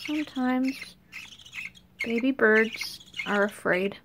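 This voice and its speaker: Woman vlogger, slow unhurried delivery, high-ish voice, coos at chicks, birds chirping behind. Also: background noise. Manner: soothing, talks to birds in a high coaxing voice. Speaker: pet bird keeper filming her budgies. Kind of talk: casual home vlog narration.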